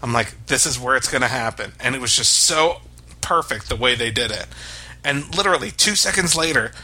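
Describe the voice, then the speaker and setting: A man's voice: medium pitch, expressive, fairly quick, sharp tone. A man co-hosting a podcast, talking casually in a rambling way with many restarts. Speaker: podcast co-host. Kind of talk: casual chat.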